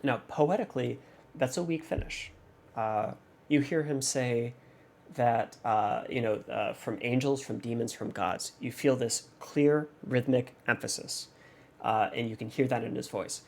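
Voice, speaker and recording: A man's voice: medium pitch, measured pace, gravelly. A man hosting a music reaction channel, analyzing a song in a thoughtful, hesitant way with many fillers and restarts.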